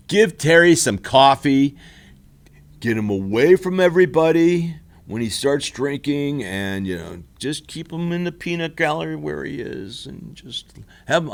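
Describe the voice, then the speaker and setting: Guy hosting a football recap, slow and gravelly, voice swoops up and down, keeps laughing, rambles on. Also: medium pitch. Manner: rambling and animated, laughs often. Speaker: host of a football recap show. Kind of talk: casual sports commentary monologue. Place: studio.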